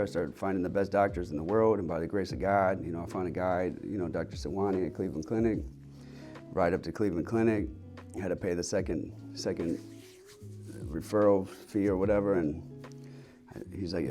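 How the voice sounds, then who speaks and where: A man's voice: deep voice, moderate pace, warm tone, faint music behind. A man in his thirties, a health center owner, candidly telling his personal story in a rambling way, with lots of fillers and casual swearing.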